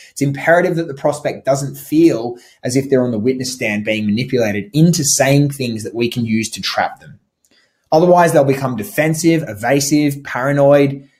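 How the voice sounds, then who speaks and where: A man's voice: medium pitch, darkish tone. A man teaching a sales training presentation in a conversational way, with frequent fillers and restarts. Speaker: sales coach.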